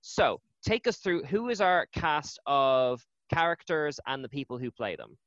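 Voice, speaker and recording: A man's voice: a little high, sing-song, unhurried, fairly bright tone, dry recording. A man hosting a podcast, asking upbeat questions and laughing easily in casual chat. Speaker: podcast host. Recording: dull lo-fi sound.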